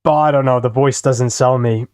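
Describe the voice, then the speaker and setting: A man's voice: medium pitch, steady tone, normal speed, a little mellow, clean tone, no room sound, clean studio sound. A young man casually rambling and swearing while commenting on videos as a streamer. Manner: rambling, swears freely, self-deprecating.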